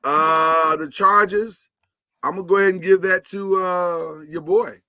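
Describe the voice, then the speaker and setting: A man's voice: high-pitched, fairly even intonation, unhurried, sharp tone, dry recording. A man hosting a casual sports talk show, chatty and opinionated as he runs the segments.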